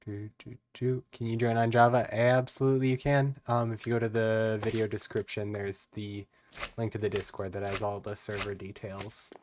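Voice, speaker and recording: A man's voice: fairly low pitch, flat delivery, normal speed, a little mellow, a little hiss or hum. A man casually chatting on his live stream as he plays, in a rambling, laid-back way with lots of filler words. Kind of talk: casual live-stream chat while gaming.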